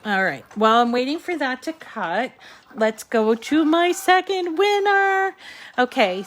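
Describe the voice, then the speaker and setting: A woman with a New England accent walks viewers through a craft project on a live show. She talks slowly and unhurriedly, full of "um"s and friendly asides to the audience. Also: medium pitch, a little hiss or hum. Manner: chatty, with many fillers and asides to viewers. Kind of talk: casual live craft demonstration.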